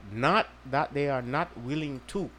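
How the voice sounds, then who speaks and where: A man's voice: mid-range voice, unhurried, a bit bright, slight background noise. A man hosting a casual podcast chat, explaining at length and checking in with "you understand me". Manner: earnest, repeats "you understand me". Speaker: podcast host.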